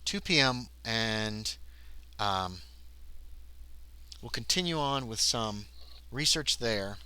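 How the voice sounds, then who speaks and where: A man's voice: medium pitch, animated, takes it slowly, bright, forceful tone, clean tone, low-quality recording. A man livestreaming a solo tabletop game, thinking aloud while he reads rules, rolls dice and answers chat.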